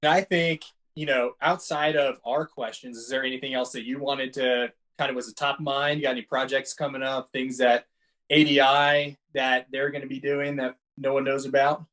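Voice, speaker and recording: A man's voice: medium pitch, flat delivery, moderate pace, fairly bright tone. Man, podcast co-host, easygoing, mostly short agreeing replies. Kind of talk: casual podcast interview.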